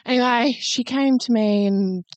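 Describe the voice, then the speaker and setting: A woman's voice: a little high, a little slow, darkish tone, no echo. A woman, co-hosting a podcast, chatty, giggly and sweary. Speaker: podcast co-host. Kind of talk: casual chat.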